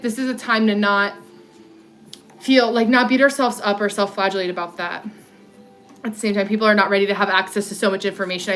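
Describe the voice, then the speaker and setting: A woman's voice: mid-range voice, a bit bright, a little hiss or hum. A woman in her thirties with an alto voice, hosting a casual walk-and-talk livestream on her phone, rambling with lots of "like" fillers and replying to viewer comments. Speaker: livestream host.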